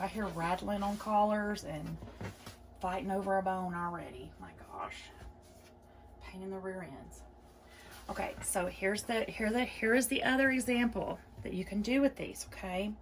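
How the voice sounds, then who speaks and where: A chatty woman talks through a quilting tutorial in a gravelly, creaky voice. She repeats each step and reassures the viewer as she goes. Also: mid-range voice, a little hiss or hum. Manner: reassuring and encouraging. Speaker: quilting video host.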